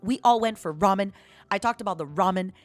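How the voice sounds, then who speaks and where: A woman streamer chatting casually and telling stories in a playful, animated way. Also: mid-range voice, a little fast, dry recording, faint music behind. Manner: chatty, playful, animated storytelling with put-on quotes. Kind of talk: casual chat and storytelling.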